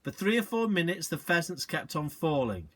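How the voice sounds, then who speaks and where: Male teacher, storybook reading, expressive with asides, animated delivery. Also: on the high side, moderate pace. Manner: expressive, adds short asides to listeners. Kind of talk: reading a children's book aloud.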